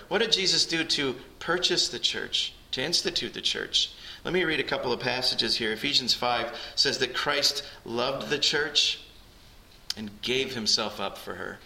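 A man's voice: medium pitch, lively intonation, normal speed, sharp tone. A man preaching a sermon as pastor, earnest and building emphasis on key phrases. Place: church sanctuary. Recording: echoey church hall.

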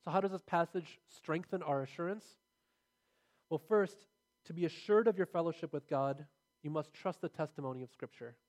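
A man's voice: on the high side, normal speed, darkish tone. A man preaching a sermon, earnest and building to emphatic, repeated phrases as he drives his points home.

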